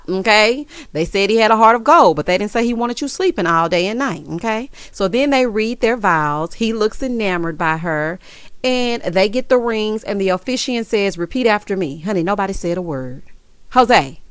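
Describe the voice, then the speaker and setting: A woman recapping a reality show in casual, sassy commentary, calling viewers honey and child and breaking into loud, high laughs. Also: clear, resonant tone, no echo. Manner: sassy, animated, side-eye asides.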